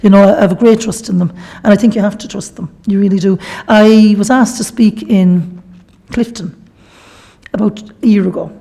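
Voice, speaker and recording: A middle-aged Irish woman from Galway speaks with a gravelly, mellow voice. She tells her own story to a gathering in an earnest, chatty way. She often breaks off to give thanks to God. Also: mid-range voice, steady tone, normal speed. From Ireland. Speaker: guest speaker at a workshop. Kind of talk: personal testimony talk.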